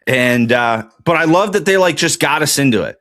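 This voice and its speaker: A podcast host with a highish, expressive, slightly bright voice talks at a moderate pace on his casual solo show, with no room sound. He thinks aloud through a geography quiz, muttering guesses, then rambles through a TV recap packed with fillers.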